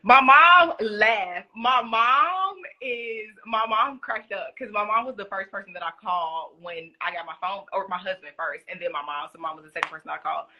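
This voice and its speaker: A young woman chatting casually on a phone livestream, animated and giggly, rambling and restarting as she answers viewers' comments. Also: medium pitch, normal speed, hardly any pauses, highs cut off. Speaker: former reality show contestant.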